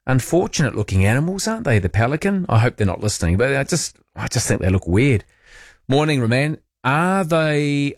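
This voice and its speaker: Late-night talkback host, New Zealand man, mid-pitched, very dry close studio mic. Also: no echo. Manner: chatty, rambling storyteller with animated asides. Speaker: overnight radio talk host. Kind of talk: late-night talkback, reading listener texts. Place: radio studio. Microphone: studio microphone.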